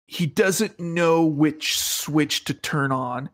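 A man in casual film talk, enthusiastic and halting, with many restarts. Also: on the high side.

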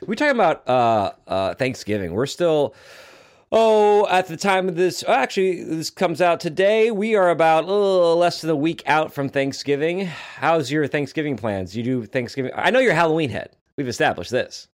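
Animated joking man, slightly high voice. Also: moderate pace. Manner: animated, joking, swears casually. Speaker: podcast co-host. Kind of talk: casual podcast chat.

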